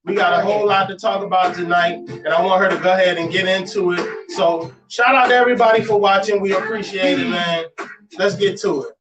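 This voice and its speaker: A man's voice: high voice, fairly even intonation, brisk, echoey room. A man co-hosting a talk show, giving loose, repetitive plugs with many fillers. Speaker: co-host. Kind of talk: casual talk show chat, promo plugs. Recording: distant mic with music behind.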